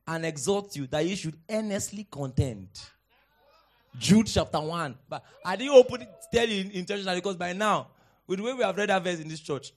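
A high-pitched male preacher delivering a sermon. He drops to quiet, intimate teaching, then bursts into shouted exhortation. He recites scripture in dramatic, old-fashioned wording. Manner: dramatic archaic scripture quoting. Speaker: pastor.

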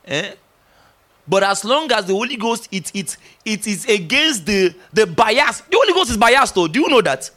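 A middle-aged man preaches with a high, lively voice. He drives his points with emphatic, teasing energy and slips into acted-out dialogue. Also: moderate pace. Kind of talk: sermon.

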